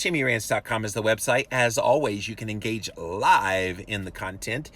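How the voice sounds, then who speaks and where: A man's voice: fairly low pitch, normal speed, fairly bright tone. Emphatic man hosting a rant show. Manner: emphatic, preachy, talks straight to viewers. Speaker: podcast host. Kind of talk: live-streamed rant reading viewer comments.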